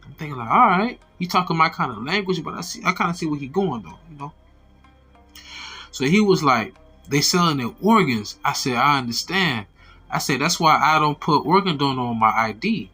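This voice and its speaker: A man's voice: a little high, fairly quick, husky, soft background music. A man from Alabama, telling a casual spoken testimony and acting out the voices of the people in it. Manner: animated, acts out quoted voices, repeats "I said". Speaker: storyteller giving a testimony.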